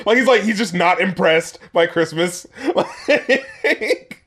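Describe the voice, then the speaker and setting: In a casual chat, a man with a high, slightly bright and husky voice and lively intonation takes things slowly while rambling and mocking. He swears freely, laughs often, and leans heavily on "like" as a filler.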